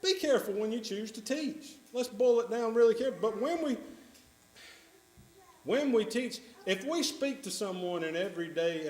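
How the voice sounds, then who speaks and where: A man's voice: extremely high pitch, darkish tone. A man with a Southern US accent preaching a sermon in a church, earnest and repeating key phrases for emphasis. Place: church sanctuary. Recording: echoey church room.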